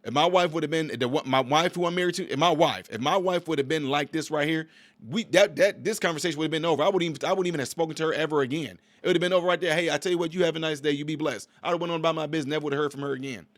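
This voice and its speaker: A man's voice: fairly high pitch, rapid-fire, no room sound. A man in his forties giving opinionated reaction commentary on a video clip, emphatic and preachy, repeating himself.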